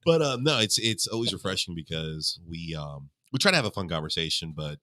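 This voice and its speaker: A man's voice: low-pitched, very animated, fairly quick, bright, forceful tone, a little hiss or hum. A young adult man co-hosting a podcast, talking in a rambling way full of fillers and swearing. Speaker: podcast co-host. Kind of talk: casual podcast chat.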